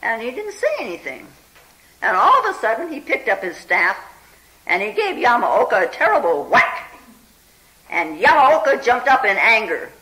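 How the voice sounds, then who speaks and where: Bright, lively meditation teacher's talk. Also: mid-range voice, rough recording. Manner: often checks in with listeners with "hmm?" and "huh?"; unhurried and conversational, full of "you know". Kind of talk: spiritual talk telling a Zen story.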